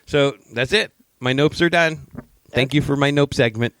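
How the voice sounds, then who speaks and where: A man's voice: normal speed, no room sound. A middle-aged man co-hosting a podcast, chatting casually and telling stories with playful acted-out quotes and frequent laughter. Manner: animated storytelling, acts out quotes in high voices, laughs often. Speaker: podcast co-host. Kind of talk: casual chat.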